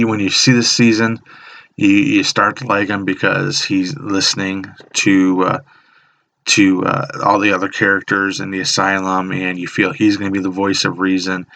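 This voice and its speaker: A man hosting a horror list video, talking casually with many halting restarts and enthusiastic praise. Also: deep voice, bright, forceful tone, rough recording. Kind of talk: casual spoken commentary.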